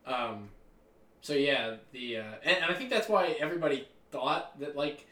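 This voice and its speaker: A man co-hosting a casual chat podcast, acting out quotes from movies in an animated way. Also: on the high side, normal speed. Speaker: podcast co-host. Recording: echoey room, far from mic.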